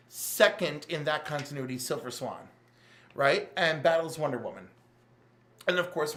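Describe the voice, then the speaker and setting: A man co-hosting a casual chat about comics, animated and gushing as he recaps stories. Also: mid-range voice. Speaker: podcast co-host.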